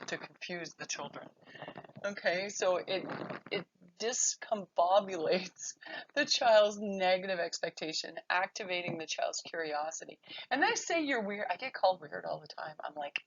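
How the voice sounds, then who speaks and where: A woman's voice: on the low side, dull audio, a little hiss or hum. A woman child therapist giving a conversational workshop lecture, often checking in with her audience.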